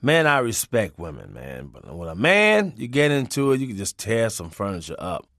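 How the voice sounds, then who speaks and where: A man's voice: lowish voice, huge pitch swings, normal speed, a bit bright, no echo, studio quality. A man narrating a comic memoir in a loose, profane, conversational way, laughing as he goes. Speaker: audiobook narrator.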